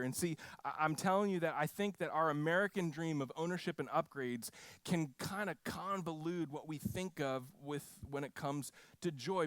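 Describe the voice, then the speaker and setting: A man preaching a sermon, telling a mission story with frequent restarts and lively quoted voices. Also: fairly high pitch, dry recording. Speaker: pastor.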